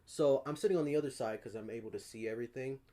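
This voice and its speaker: A man's voice: mid-range voice, racing, dark tone. A young man co-hosting a podcast, telling a rambling, profane story in a laid-back, casual way. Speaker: podcast co-host.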